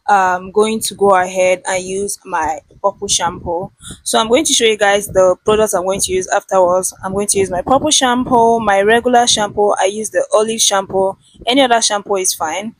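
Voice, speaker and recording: A woman's voice: mid-range voice, moderate pace. Chatty woman narrating a hair tutorial. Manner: chatty step-by-step instructions. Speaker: vlogger. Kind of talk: casual tutorial voice-over.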